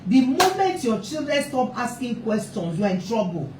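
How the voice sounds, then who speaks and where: A woman's voice: on the high side, big pitch swings, normal speed, darkish tone, a little hiss or hum. A woman giving an impassioned live talk to parents as a family therapist, emphatic and repeating her points for stress. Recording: roomy echo, distant mic, faint ambience.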